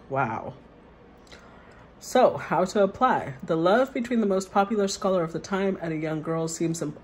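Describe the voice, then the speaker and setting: A woman's voice: lowish voice, slight background noise, rough recording. A woman tarot reader who reads the card meanings aloud and then muses over them in a casual way.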